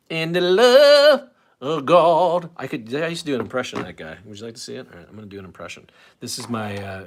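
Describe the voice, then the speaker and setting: A man's voice: mid-range voice, a bit bright. A man in his forties hosting a live stream in a casual, rambling way, often breaking off and starting again with fillers. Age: 40s. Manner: rambling, self-interrupting, many fillers.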